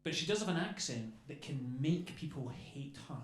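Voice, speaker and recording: A man's voice: fairly high pitch, lively intonation, moderate pace. A man doing a stand-up comedy set on a club stage, rambling and chatty, tagging lines with "okay?" and "you know". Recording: echoey club room with faint noise.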